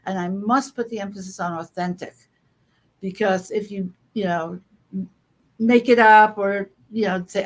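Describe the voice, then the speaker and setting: Woman guest on a podcast, earnest and emphatic, lots of quick asides. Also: mid-range voice, steady tone. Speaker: guest author. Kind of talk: conversational interview.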